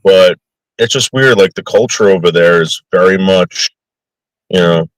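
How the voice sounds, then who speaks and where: A man from the United States chatting casually on a live stream, halting and repeating words as he talks. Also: low-pitched, no room sound, low-quality recording.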